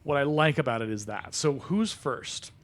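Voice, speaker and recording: A man hosting a podcast, recapping films in a chatty, animated way with frequent ums in a studio. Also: medium pitch, normal speed. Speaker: podcast host. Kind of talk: casual chat about movies.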